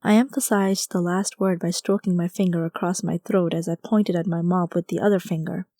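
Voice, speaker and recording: A woman's voice: fairly low pitch, steady tone, fairly quick, dark tone, dry recording, studio quality. A woman reading a first-person story aloud as an audiobook narrator, in a wry, conversational storytelling manner.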